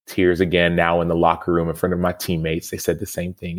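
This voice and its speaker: A man's voice: low voice, monotone, a little fast. A man in his thirties, a podcast guest and former football player, telling a personal story in an earnest, reflective way. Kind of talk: storytelling interview answer.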